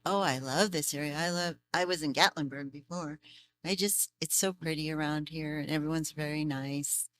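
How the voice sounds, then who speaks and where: A woman voice actress answering fan questions at a convention Q&A, chatty and animated, laughing often as she tells stories. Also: low-pitched, moderate pace, a little hiss or hum. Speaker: voice actress guest.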